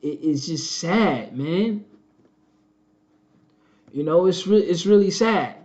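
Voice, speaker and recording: Male host, higher-pitched, preachy and repetitive; dull lo-fi audio. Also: animated, takes it slowly, darkish tone. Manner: preachy, repetitive, addresses viewers as family. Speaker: channel host. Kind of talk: casual live-stream commentary.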